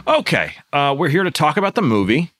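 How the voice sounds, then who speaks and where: A man's voice: fairly high pitch, very animated, brisk, fairly bright tone, no echo, studio quality. A man hosting a mock interview in a sketch with the manner of an exasperated moderator. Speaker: sketch comedy host.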